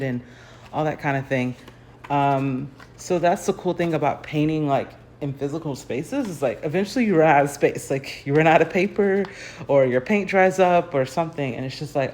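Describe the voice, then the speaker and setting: A woman's voice: low voice, moderate pace, darkish tone, slight background noise. An American woman chats casually through a phone livestream while painting in her home garage. Her talk rambles, is full of fillers, and often breaks into laughter. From United States. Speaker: artist hosting a livestream. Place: home garage, early morning.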